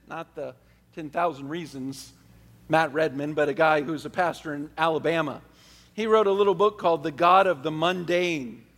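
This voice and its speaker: A pastor preaching a sermon, earnest and full of rhetorical questions. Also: male voice, on the high side, fairly bright tone, long reverb tail.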